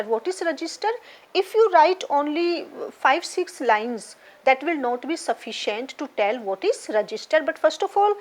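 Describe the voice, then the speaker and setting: A woman, teaching an exam lesson and patiently explaining syllables and stress, often repeating words. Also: high-pitched. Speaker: English teacher. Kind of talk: exam preparation lecture.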